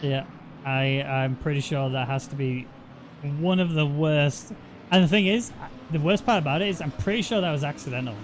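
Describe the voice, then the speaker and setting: A man doing casual, joking commentary on an online sim race, getting loud and excited at crashes. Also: a little high, moderate pace, a little hiss or hum. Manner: joking, banter-heavy, excitable on incidents.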